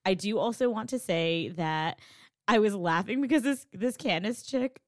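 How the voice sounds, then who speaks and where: A woman's voice: mid-range voice, lively intonation, moderate pace, dry recording, clean studio sound. A married woman talking frankly about a movie in casual chat, swearing and laughing easily. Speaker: co-host.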